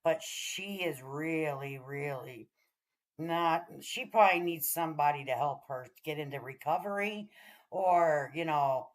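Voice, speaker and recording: Woman, lowish voice, folksy livestream host who swears freely. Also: normal speed. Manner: folksy, swears freely, talks straight to chat. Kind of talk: casual livestream chat.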